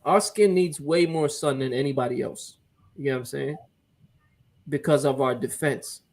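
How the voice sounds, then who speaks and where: A man's voice: medium pitch, moderate pace, darkish tone. A man co-hosting a barbershop podcast, making points earnestly and checking that listeners follow. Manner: earnest, lecturing, often asks "you get what I'm saying?". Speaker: podcast co-host. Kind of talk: casual barbershop chat.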